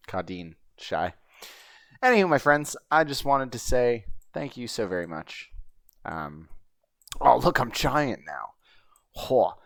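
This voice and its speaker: A man's voice: medium pitch, a bit bright, no echo. A man hosting his own show, chatting casually over a video he plays, rambling and swearing now and then. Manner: rambling and chatty, with frequent fillers and profanity. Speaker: host.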